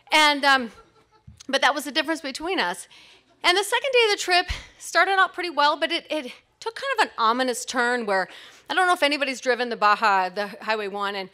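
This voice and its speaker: A middle-aged woman tells a personal story before a live audience, her voice high and bright. She rambles cheerfully, pokes fun at herself, and leans on fillers like "um" and "you know.". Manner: chatty, self-mocking, many fillers like "um" and "you know".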